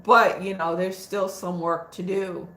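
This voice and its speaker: A woman's voice: lowish voice, level tone, measured pace, fairly bright tone. A woman hosting a spiritual livestream, talking in a rambling, frank, casual way with lots of fillers. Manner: chatty, frank, laughs easily, many fillers. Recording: echoey room.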